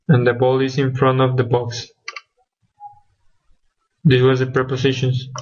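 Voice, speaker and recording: A young man presenting a grammar lesson from slides as a student, listing examples one by one. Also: medium pitch. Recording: dull lo-fi recording.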